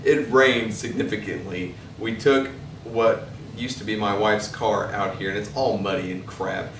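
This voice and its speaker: A man's voice: fairly low pitch, fairly even intonation, unhurried. A man co-hosting a casual gun show, telling stories and laughing often. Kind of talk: casual chat. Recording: echoey, from far off, faint noise.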